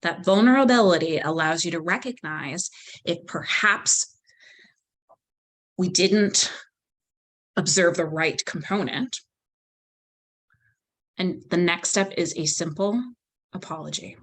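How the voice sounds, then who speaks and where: A woman leading a volunteer training session, explaining calmly and acting out example phrasings. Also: fairly low pitch, slow, pauses often. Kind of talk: training lecture.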